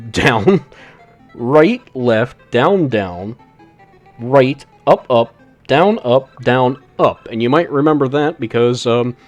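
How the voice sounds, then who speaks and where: A man streaming a retro video game live, chatting casually while he plays, in a rambling, self-deprecating way. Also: medium pitch. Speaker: gaming streamer.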